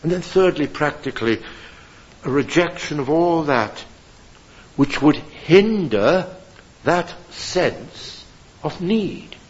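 A man preaching from a church pulpit, impassioned and emphatic, swinging between loud declarations and hushed appeals. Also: on the high side, animated, slow, pauses often, muffled recording. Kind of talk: sermon.

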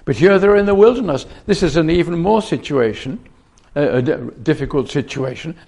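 Male preacher, gravelly, slightly high, earnest, prone to restarts. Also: expressive, brisk, darkish tone. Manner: earnest, with frequent restarts and repeated phrases. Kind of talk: sermon.

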